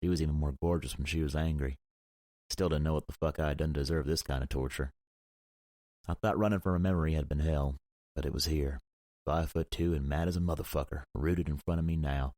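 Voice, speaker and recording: A man narrating a romance audiobook in the first person, gruff and brooding, with frequent swearing. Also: extremely low pitch, fairly even intonation, brisk, a little mellow, no echo, clean studio sound.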